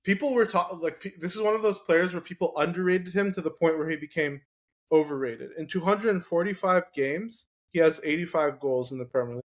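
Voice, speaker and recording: A man's voice: on the high side, brisk. A man with a slightly raised voice argues his football picks on a casual sports podcast. He builds his case with stats, and his talk is full of "like" fillers and restarts. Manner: argumentative, lots of "like" fillers. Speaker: podcast co-host.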